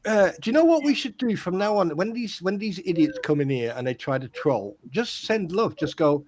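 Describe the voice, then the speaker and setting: A man hosting a casual livestream chat, joking and animated. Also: high voice, normal speed, hardly any pauses. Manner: joking, animated, drops into silly voices. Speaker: host.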